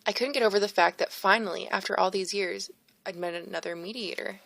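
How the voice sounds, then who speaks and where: A woman reading a first-person novel aloud as an audiobook narrator, steady and expressive, close to the mic. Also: mid-range voice, brisk, vocal fry, no echo. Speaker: audiobook reader.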